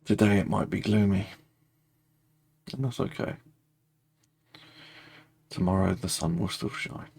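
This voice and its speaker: A man leading a guided tapping meditation, speaking slow, repetitive first-person affirmations. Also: deep voice, gravelly, a little mellow, breathy edge, dry recording.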